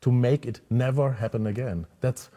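A man's voice: medium pitch, fairly even intonation, moderate pace, warm tone. Earnest man with a German accent. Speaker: theatre director. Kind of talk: interview.

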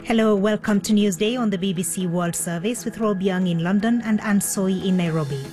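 A woman hosting an international news program, reading headlines in a measured way. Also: medium pitch, warm tone, faint music behind. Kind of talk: scripted news presenting.

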